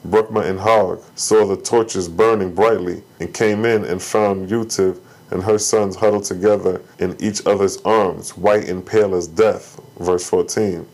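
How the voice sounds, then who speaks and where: A man reading an archaic scripture aloud in a slow, measured, solemn way. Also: low voice, fairly even intonation, a little mellow, poor audio. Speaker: scripture reader.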